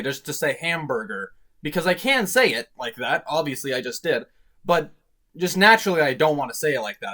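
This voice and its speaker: Chatty young man with a higher voice. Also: a bit bright. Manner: self-deprecating, rambling with frequent fillers. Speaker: YouTube vlogger. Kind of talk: casual comedic monologue to camera.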